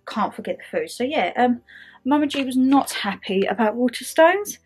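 A woman's voice: a little high, expressive, moderate pace, faint music behind. A woman chatting casually in a home vlog, rambling through stories and peppering them with "like". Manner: chatty, rambling storytelling with lots of "like". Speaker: vlogger.

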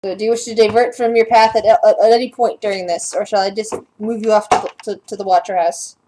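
A woman running a tabletop game as game master, narrating with frequent pauses and restarts. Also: medium pitch, steady tone, noisy background. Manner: hesitant, with many fillers and restarts.

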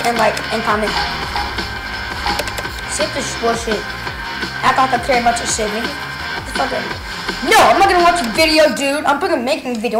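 A young woman rambling casually over a driving game she is playing, excitable and swearing, yelling whenever something happens in the game. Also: high-pitched. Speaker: gaming channel host. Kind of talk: casual gameplay commentary. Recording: roomy with game music behind.

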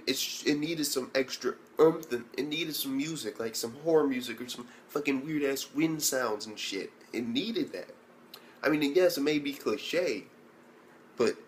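A man's voice: a little high, a little hiss or hum. A man giving a casual, profanity-heavy anime review, ranting and full of exasperated rhetorical questions.

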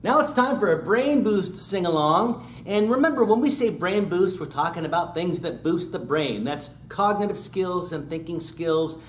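A children's music class teacher leads a sing-along lesson, singing and asking young kids questions in an upbeat way over his acoustic guitar. His high-pitched, animated voice moves at normal speed with hardly any pauses. The room is roomy, the guitar loud, with a little hiss or hum.

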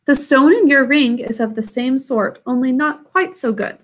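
A woman voicing a gentle, wise old grandmother who speaks in a calm, measured way. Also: sits high.

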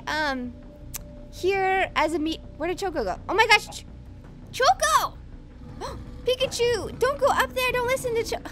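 A woman commenting on her game play in an excitable way, gasping and talking to her pets. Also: sits high. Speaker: gaming YouTuber.

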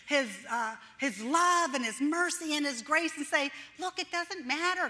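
An older woman pastor delivers a chatty, conversational sermon in a church sanctuary, poking fun at herself, acting out little voices and laughing along the way. Her voice is high-pitched with a sharp tone, and the reverberant church hall echoes around her.

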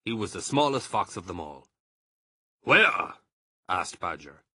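A man reading a children's story aloud in an expressive storytelling manner. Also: deep voice, normal speed, breathy edge, no room sound. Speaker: reader. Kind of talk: audiobook narration.

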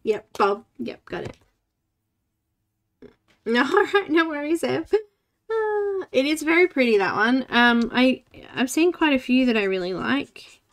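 A woman's voice: high voice, very animated, a little slow. A woman in her forties hosting a live coloring stream, chatting casually, talking to herself and greeting viewers by name. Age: 40s. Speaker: livestream host. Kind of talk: casual chat while coloring.

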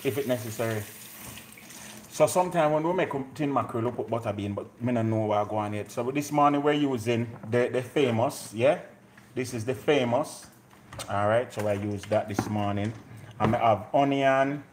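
A man's voice: medium pitch, moderate pace, a little hiss or hum. A man with a Jamaican accent hosting a live cooking show from his home kitchen, chatting and joking as he cooks. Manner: joking, chatty, mixes in patois. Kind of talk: casual live cooking chat.

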